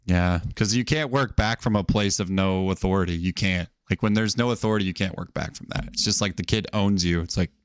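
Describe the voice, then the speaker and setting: A man in his thirties with a somewhat low voice, talking casually on a podcast. He rambles through stories, filling them with "like" and quoting people. The sound is dry and close, with no room around it. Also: a little fast, hardly any pauses, clear, resonant tone, no echo. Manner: rambling, storytelling with acted quotes and frequent "like". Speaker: podcast co-host. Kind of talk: casual chat.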